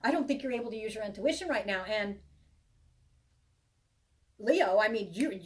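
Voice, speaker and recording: Woman, tarot reader, rambling and chatty, medium pitch, a bit away from the mic. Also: lively intonation, moderate pace, recorded from a distance. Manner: chatty, rambling, reassuring, many restarts. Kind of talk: live tarot reading for viewers.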